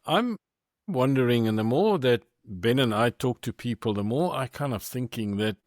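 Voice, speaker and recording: Male host, video call, muses aloud while framing questions, dry sound, medium pitch. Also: lively intonation, moderate pace, a little mellow, no room sound. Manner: searching, rephrases questions. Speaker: podcast host. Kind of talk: interview questions, casual.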